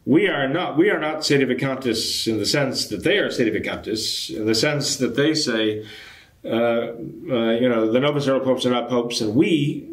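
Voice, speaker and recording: Here a traditionalist Catholic priest, an older man, takes up a viewer's question and explains his answer at a measured pace with many hesitations. His voice sits in the middle range, and the room echoes around him.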